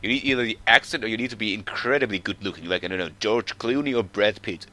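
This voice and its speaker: A German man with a German accent, chatting on a podcast in measured, formal phrasing with dry irony. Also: on the low side, sharp tone. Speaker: podcast co-host. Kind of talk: casual chat.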